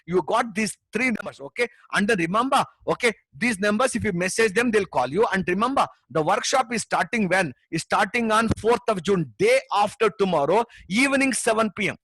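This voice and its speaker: Middle-aged Indian English trainer, high bright voice, dry close sound, pushy passionate pitch. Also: male voice, no room sound. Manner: passionate, pushy, many tag questions. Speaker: memory trainer. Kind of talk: webinar sales pitch.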